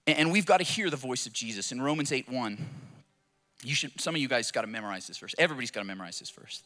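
A middle-aged pastor delivering an impassioned sermon, using repetition, rhetorical questions and a rhythmic preaching cadence. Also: male voice, mid-range voice, animated, quick pace, sharp tone.

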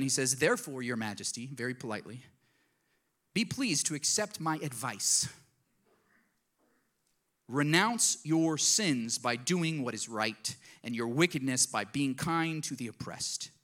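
A man's voice: mid-range voice, lively intonation, a little slow, fairly bright tone. A man preaching a sermon to his congregation, earnest and conversational, often asking them direct questions. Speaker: pastor.

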